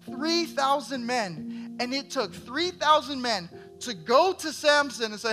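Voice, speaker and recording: A man's voice: very high-pitched, expressive, unhurried, sharp tone, soft background music. A man preaching a sermon as a pastor, emphatic and firing questions at his congregation.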